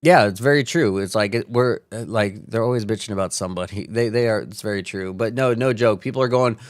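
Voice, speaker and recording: A man's voice: on the low side, fairly quick, dry recording, clean studio sound. A man hosting a live stream, reacting to viewer comments in casual, profane, sarcastic chat with frequent laughter. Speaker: livestream host.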